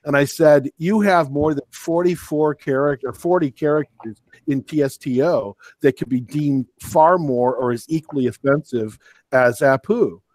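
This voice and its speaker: A man's voice: mid-range voice, dry recording. A man co-hosting a podcast chat, worked up and ranting emphatically. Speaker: podcast co-host. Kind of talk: casual chat.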